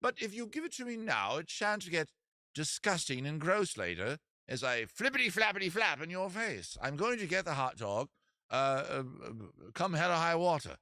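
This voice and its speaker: A man's voice: a little high, big pitch swings, normal speed, bright, forceful tone, dry recording, studio quality, voice pushed up, full character voice. A man putting on a prim British seagull. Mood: coaxing. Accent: British, put on. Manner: prim, coaxing, genteel. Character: polite pushy male seagull.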